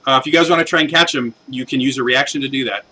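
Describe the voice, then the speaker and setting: A man acting as game master who narrates events in a meandering way, stopping often to search for words. His voice sounds bright and forward, at an ordinary pitch. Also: very fast, a little hiss or hum, poor audio. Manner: rambling, full of fillers and restarts.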